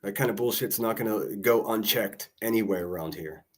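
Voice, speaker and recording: A man's voice: on the low side, fairly quick. Profane, mocking male livestream host. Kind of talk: casual livestream commentary.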